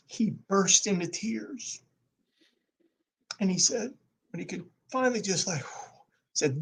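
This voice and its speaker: Husky man telling a heartfelt story. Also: high voice, animated, takes it slowly, pauses often, poor audio. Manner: emphatic, swings from loud to near whisper. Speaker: podcast guest. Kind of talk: emotional personal storytelling.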